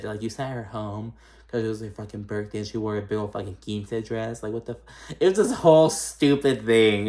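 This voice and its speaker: Chatty, profane man gossiping through a recap. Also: fairly low pitch. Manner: chatty, profane, gossipy, acts out quoted lines. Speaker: reality TV recap host. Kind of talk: casual recap commentary.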